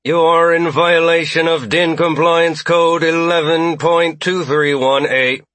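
A man voicing a robotic police droid in an audiobook, announcing violations and fines in a flat, officious way. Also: a little high, measured pace, no echo, voice pushed up.

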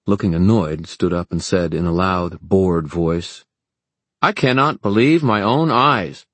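Deep, husky male narrator. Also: dry recording. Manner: steady storytelling. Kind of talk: audiobook narration.

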